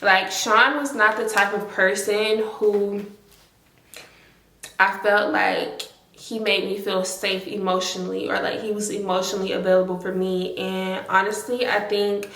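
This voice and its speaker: A young woman speaking at a middle pitch, talking straight to her viewers in a chatty storytime manner. Her voice has a roomy echo around it. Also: little pitch movement, unhurried, a bit bright. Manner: chatty, talks to viewers directly, heavy filler use. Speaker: storytime vlogger. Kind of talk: casual storytime narration. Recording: echoey room.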